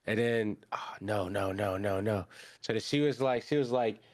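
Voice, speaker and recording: A young man hosting an anime podcast, recapping an episode in animated, slangy storytelling full of fillers and restarts. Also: fairly low pitch, moderate pace, dry recording, clean studio sound.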